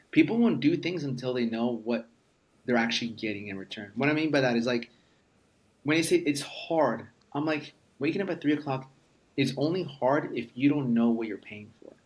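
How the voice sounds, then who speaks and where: A man in his thirties, a podcast guest in casual conversation, telling stories emphatically and swearing freely. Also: mid-range voice. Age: 30s. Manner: emphatic, profane storyteller.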